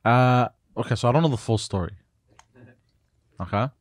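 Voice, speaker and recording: A man's voice: mid-range voice, moderate pace, no room sound. Hesitant male podcast co-host. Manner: hesitant, filler-heavy storytelling. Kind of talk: casual comedic banter.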